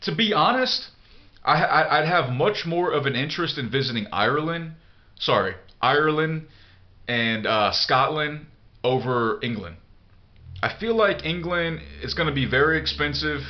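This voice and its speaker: A man's voice: a little high, expressive, moderate pace, muffled recording. A man in a casual vlog monologue answering a viewer email, blunt and profane, rambling with lots of fillers. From United States. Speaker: vlogger.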